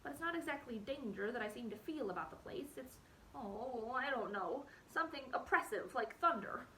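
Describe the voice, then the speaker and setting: A woman's voice: on the high side, lively intonation, normal speed, bright, forceful tone, a little hiss or hum, pitched above the performer's own voice, rough recording. A woman voicing a young male rabbit in a storybook, fretful and tearful, with a trembling, pleading way of talking. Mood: uneasy.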